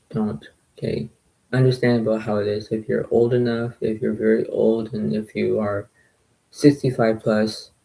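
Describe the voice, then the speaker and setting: A man talking quietly and softly to his viewers in a casual, rambling recap, often circling back to the same phrases. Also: fairly low pitch, creaky, poor audio. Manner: quiet, soft-spoken, repetitive and rambling. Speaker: poker video creator.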